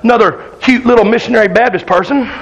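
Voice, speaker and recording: A man preaching a fiery sermon, loud and hollering, calling out to his congregation in a church. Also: very high voice, fast, muffled recording, background noise. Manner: loud, hollering Southern-style preaching with call-outs to the congregation. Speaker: pastor.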